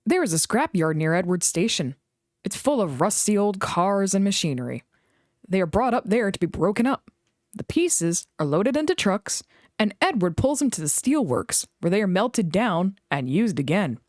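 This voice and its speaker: A woman reading a children's storybook aloud in an expressive way. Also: medium pitch, moderate pace, no echo, clean studio sound. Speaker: reader.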